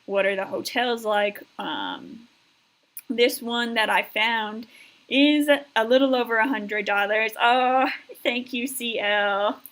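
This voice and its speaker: An American woman hosts a live stream in a casual, heartfelt way. Her voice sits a little high, and she talks slowly, with plenty of fillers. She keeps reading the chat aloud and thanking viewers. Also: lively intonation, fairly bright tone, rough recording. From United States.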